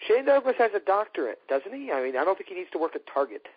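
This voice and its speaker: A man's voice: sits high, sing-song, quick pace, slightly rough, no room sound. A man co-hosting a casual wrestling talk show, speaking in an opinionated, sarcastic way. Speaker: podcast co-host. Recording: dull lo-fi dry recording.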